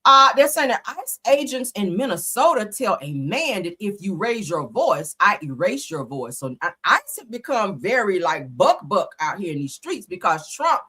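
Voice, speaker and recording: A woman's voice: medium pitch, sing-song, moderate pace, hardly any pauses, pushed and bright, slightly rough. A woman hosting a livestream, giving casual, slangy commentary and laughing often. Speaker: livestream host.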